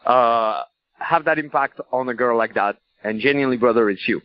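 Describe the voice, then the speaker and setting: A man's voice: medium pitch, no room sound. A man co-hosting a call-in podcast, speaking earnestly with many restarts and repetitions. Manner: halting, repetitive, earnest speech. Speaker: podcast co-host. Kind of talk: conversational podcast talk. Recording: dull lo-fi sound.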